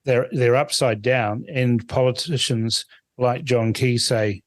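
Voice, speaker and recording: A New man hosts a political podcast. He makes his points firmly at a middling pitch, often repeating words on his way into a sentence, and his voice sounds dry and close, with no room around it. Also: steady tone, slow pace, dry recording. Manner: firm, repeats words as he speaks. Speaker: podcast host. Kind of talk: casual political conversation.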